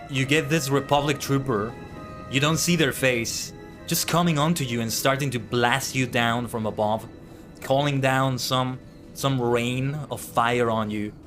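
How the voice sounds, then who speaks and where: A man's voice: medium pitch, fairly bright tone. A man streaming a game, chatting casually, playful and punning and laughing often. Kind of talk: casual gaming commentary.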